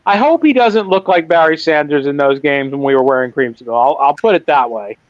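A man's voice: fairly high pitch, lively intonation, brisk, no echo, lo-fi sound. A man co-hosting a casual sports podcast, rambling and correcting himself with wry asides.

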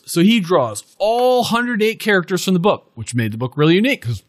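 A man's voice: a little high, big pitch swings, fairly quick, few pauses, fairly bright tone, no room sound, clean studio sound. A man in casual podcast chat, rambling and filling his talk with "like" and self-corrections.

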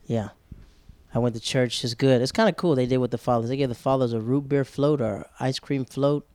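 Brief: chatty male co-host, rambling talk, mid pitch, dry close mic. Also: fairly quick, a little mellow, dry recording. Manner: rambling, chatty, self-correcting. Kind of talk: casual chat.

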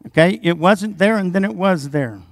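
Gravelly-voiced preacher, quiet asides to loud scripture. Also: male voice, sits high, moderate pace, no echo. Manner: calls for congregation responses. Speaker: pastor. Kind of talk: sermon.

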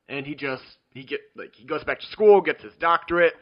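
A man's voice: a little high, a little fast, few pauses, highs cut off. A man co-hosting a podcast, rambling casually with lots of fillers and fumbling, bothered by hiccups. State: hiccups and burping. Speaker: podcast co-host.

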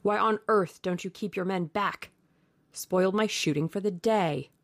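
A woman voicing a brusque, careless male country gentleman in a storybook reading, exclaiming. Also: mid-range voice, measured pace, no echo, natural voice. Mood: alarmed.

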